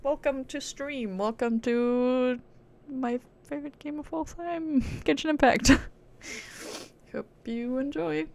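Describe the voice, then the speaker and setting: A woman from Germany streams a game and chats with her viewers in a playful, self-deprecating way, laughing often. Her voice is somewhat high, with a noticeable gravelly fry. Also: takes it slowly, a little mellow. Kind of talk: casual gaming commentary.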